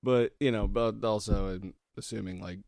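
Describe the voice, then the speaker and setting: A man's voice: lowish voice, steady tone, normal speed, vocal fry, darkish tone, dry recording, studio quality. A man appearing as a guest on a casual podcast, joking in a hesitant, filler-heavy way.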